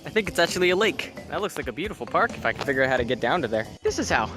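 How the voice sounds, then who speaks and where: A man's voice: medium pitch, expressive, rapid-fire, few pauses. Playful young man vlogging over music. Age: young adult. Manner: playful and jokey, slipping into silly voices. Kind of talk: casual vlog narration. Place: outdoors on a college campus and in a car. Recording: music playing under the voice.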